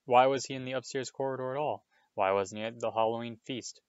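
A man reading aloud, voicing a cold, sneering male teacher who presses his suspicions slowly. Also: medium pitch, steady tone, clear, resonant tone, no room sound, muffled recording, natural voice. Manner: slow, sneering insinuation.

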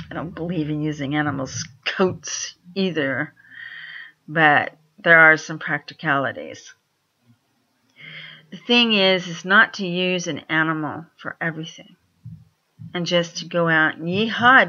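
A woman speaks slowly, telling rambling animal stories in a casual monologue. Her voice is low and bright, and she chuckles often and restarts her sentences. The recording is dull and lo-fi. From Washington State.

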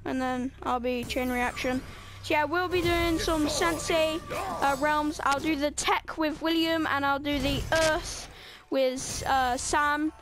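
A woman's voice: high-pitched, steady tone, slow pace, hardly any pauses. A woman hosting casual gameplay commentary, rambling with lots of fillers and blunt asides. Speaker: gameplay host. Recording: game music behind the voice.

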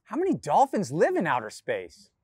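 A man voicing an excitable young child full of questions in a storybook reading. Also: high-pitched, normal speed, husky, no room sound, studio quality, exaggerated voice. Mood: curious.

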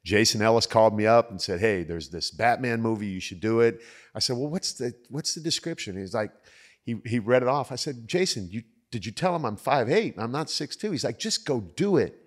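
A man's voice: mid-range voice, a little fast. A middle-aged man hosting a casual chat, telling stories and acting out the quotes. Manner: animated storyteller acting out quotes. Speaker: podcast host.

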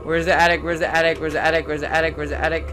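A young man gives excitable let's play commentary on a horror game, his voice sitting a little high. He often repeats the same words over and over when startled. Faint game music plays underneath. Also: rapid-fire. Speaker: gaming channel host.

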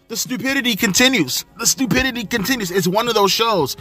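A man's voice: extremely high pitch, brisk, hardly any pauses, bright, forceful tone, soft background music. A young man reviewing a wrestling show in an angry, sarcastic rant full of swearing. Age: young adult. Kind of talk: profane ranting show review.

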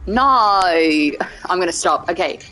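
A woman's voice: mid-range voice, lively intonation, normal speed, a bit bright, soft background music, rough recording. Playful woman chatting while gaming. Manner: playful, joking, counting button presses aloud. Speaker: actor streaming her first playthrough. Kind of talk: casual gameplay chat.

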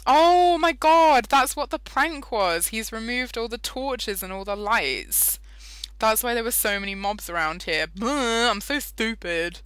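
A woman's voice: medium pitch, a little slow, pushed and bright, smooth, no room sound. A young British woman giving casual, giggly commentary while playing Minecraft, easily sidetracked. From Britain. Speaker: Minecraft let's-play host.

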